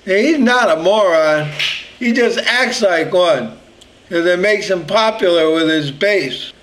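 A man with a high-pitched voice talks as a podcast host. He speaks casually and plainly, in a blunt and opinionated way, like someone thinking out loud to his listeners. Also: animated, a little slow, a little hiss or hum, low-quality recording. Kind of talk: casual political commentary.

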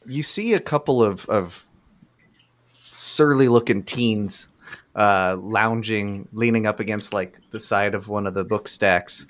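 Male game master, lowish voice, easygoing narration. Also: a little slow. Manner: relaxed, loose with fillers and chuckles.

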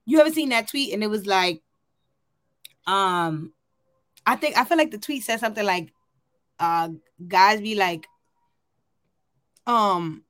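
A woman's voice: mid-range voice, lively intonation, measured pace, long pauses, a bit bright. A woman in casual chat, talking emphatically and joking.

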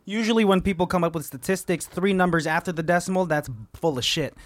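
High-voiced young man, joking podcast host. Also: fast talker. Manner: joking, teasing banter. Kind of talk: casual podcast chat.

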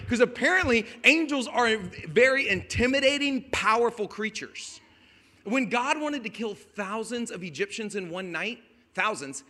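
A man preaches with a high, bright, cutting voice, animated and joking as he acts out the scenes. His voice carries a long reverb from a large hall. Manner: animated and joking, acting out scenes with shouted asides. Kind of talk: sermon.

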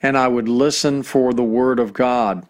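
A middle-aged man preaching a sermon as a pastor, earnest in tone and slowing down to read scripture aloud. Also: mid-range voice, fairly even intonation. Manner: earnest, reads scripture slowly.

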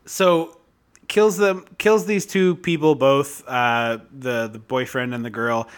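A man's voice: mid-range voice, fairly even intonation, takes it slowly, smooth. A man co-hosting a casual comedic movie review podcast, sarcastic and mock-exasperated at a bad film. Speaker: podcast co-host.

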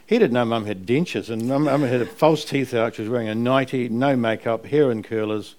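A man's voice: medium pitch, fairly quick. Older man with a New Zealand accent, anecdotes. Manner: animated, rambling anecdotes, laughing while he tells them. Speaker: author interviewed about a family memoir. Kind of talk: live on-stage conversation, storytelling.

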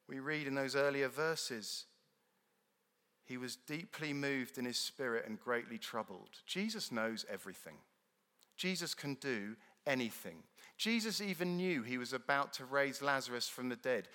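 A man preaching a sermon in a church, earnest and emphatic, swinging between loud declarations and hushed moments. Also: mid-range voice, expressive, a little slow. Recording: long reverb of a large hall.

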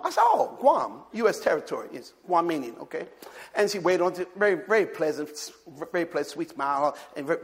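High-voiced preacher man in an echoing church. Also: slightly rough. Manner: rising to shouted calls for the congregation to repeat; chatty storytelling full of restarts. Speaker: pastor. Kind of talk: sermon with storytelling. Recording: long hall reverb.

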